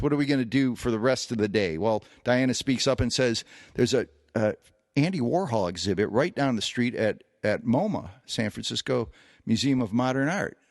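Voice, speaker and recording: A male podcast co-host tells a long personal anecdote in a casual storytelling style, full of fillers and restarts. His medium-pitched voice has vocal fry, and the clean studio recording has no room sound.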